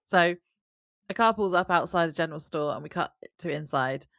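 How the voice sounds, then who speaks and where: A woman's voice: sits low, fairly quick, vocal fry, fairly bright tone, no room sound, clean studio sound. Giggly woman on a podcast. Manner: giggly, hesitant, with restarts. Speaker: podcast co-host. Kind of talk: casual recap chat.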